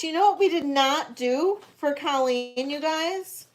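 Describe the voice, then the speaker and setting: High-voiced woman hosting a live sale. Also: lively intonation, moderate pace, few pauses. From Detroit area, United States. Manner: chatty, addresses viewers directly. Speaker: host of a live vintage jewelry sale. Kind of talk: live-stream auction chat.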